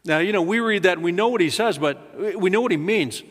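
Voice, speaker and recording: A man preaching a sermon as pastor, talking in a relaxed conversational way. He often repeats words and acts out the quoted lines with a rising voice. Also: high voice, fairly quick, big-room sound. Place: church sanctuary.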